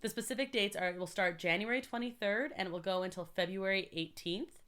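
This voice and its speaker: A woman's voice: medium pitch, a little fast, fairly bright tone. A woman from Canada co-hosting a casual podcast chat, upbeat as she reads out event dates and announcements. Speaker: podcast co-host.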